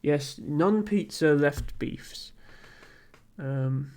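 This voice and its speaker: A man streaming a word game and chatting casually with viewers in a dry, amused way, thinking aloud with soft chuckles and ums. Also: fairly high pitch, drawn-out words.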